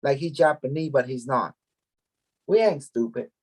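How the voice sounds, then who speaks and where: A man's voice: medium pitch, lively intonation, normal speed, darkish tone, husky. A man, talking casually and at length to his followers, rambling and repeating himself as he goes. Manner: rambling, repeats words, mixes languages. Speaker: group leader. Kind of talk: casual spiritual talk to followers.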